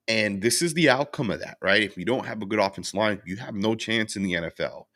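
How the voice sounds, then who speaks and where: Deep, bright-voiced man ranting about football. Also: expressive, a little fast, few pauses. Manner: frustrated, rambling with fillers and restarts. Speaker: sports channel host. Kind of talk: casual post-game recap, reading chat.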